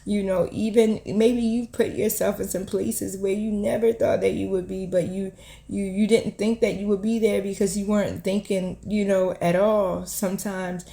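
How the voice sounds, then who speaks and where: A woman hosts her own channel and gives an earnest prophetic word of encouragement, circling back on her thoughts with frequent fillers. Her voice is warm and dark in tone and stays in a narrow pitch range. The room around her echoes noticeably. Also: flat delivery, moderate pace, gravelly. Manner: earnest, repeats herself with many "you know"s. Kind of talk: heartfelt encouraging talk to camera.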